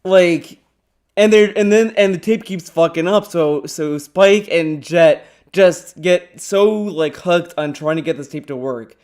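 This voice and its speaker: Man, streamer, rambling excitable talk, swears a lot, fairly high voice. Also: unhurried. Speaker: streamer reacting to a clip. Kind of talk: casual stream commentary.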